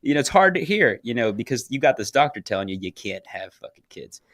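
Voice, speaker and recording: A man co-hosting a podcast, telling a crude story in casual chat and getting loud when he quotes people. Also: mid-range voice, very animated, fast talker, no echo, studio quality. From Florida. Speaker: podcast co-host.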